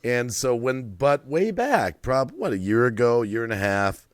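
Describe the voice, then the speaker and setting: Greeting his chat and laughing frequently, a middle-aged streamer spins stories on a late-night broadcast. He talks at a measured pace in a medium pitch, with studio-quality audio and no echo.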